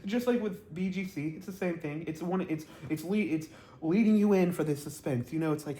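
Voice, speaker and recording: A man's voice: fairly high pitch, fairly quick, warm tone, slight background noise. Gossipy, blunt man in an echoey room. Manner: gossipy, blunt and rambling, with frequent fillers and laughs. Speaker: reality TV reviewer. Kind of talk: casual vlog commentary. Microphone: camera mic, talking to camera.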